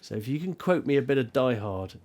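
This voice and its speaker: This game master runs a tabletop role-playing game, describing scenes with lively, rambling narration and plenty of self-mockery. He talks briskly at a medium pitch.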